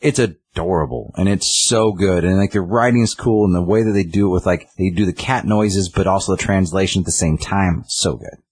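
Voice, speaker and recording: A man with a very low voice and a husky, breathy grain, talking in relaxed chat. He rambles with eager enthusiasm and fills gaps freely. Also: a little fast, few pauses. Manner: enthusiastic, rambling with many fillers. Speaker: podcast co-host, comic reviewer. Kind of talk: casual chat.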